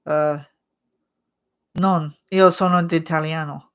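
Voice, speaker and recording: A woman chatting casually to her channel in a lowish voice. She talks slowly and rambles, with plenty of filler words and quick laughs. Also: steady tone, fairly bright tone, smooth. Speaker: channel host. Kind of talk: casual monthly chat vlog.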